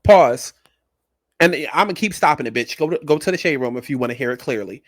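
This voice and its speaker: A man's voice: medium pitch, animated, very fast, fairly bright tone, no echo. Brash, profane man doing reaction commentary. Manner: blunt, profane, sassy and emphatic. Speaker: commentary channel host.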